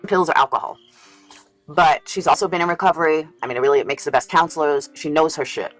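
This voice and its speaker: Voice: mid-range voice, fairly even intonation, quick pace, fairly bright tone, poor audio. A speaker in a replayed livestream clip, earnestly commenting and explaining with examples. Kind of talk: casual commentary.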